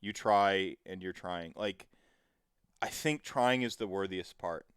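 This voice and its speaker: A man's voice: low-pitched, slow pace, clear, resonant tone, no room sound, clean studio sound. A man in his thirties hosting a casual podcast chat, rambling with plenty of fillers and the odd swear word. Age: 30s. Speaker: podcast host.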